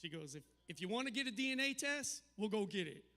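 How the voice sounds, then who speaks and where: A middle-aged man doing a stand-up set, telling crude family stories with deadpan punchlines. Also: high-pitched, fast, big-room sound. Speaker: stand-up comedian. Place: live comedy venue.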